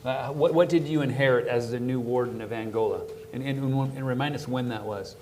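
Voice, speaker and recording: A man's voice: mid-range voice, fairly even intonation, fairly quick, a little mellow, a little hiss or hum. A man hosting a conversational interview, asking guiding questions that prompt his guest to tell his story. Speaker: interview host.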